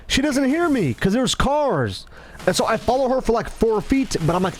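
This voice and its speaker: A man's voice: very high-pitched, animated, a little fast, slight background noise. A man in a rambling casual monologue, stumbling and correcting himself as he goes and acting out greetings in different tones. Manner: restless, self-correcting, stumbling over words; acts out greetings in shifting tones.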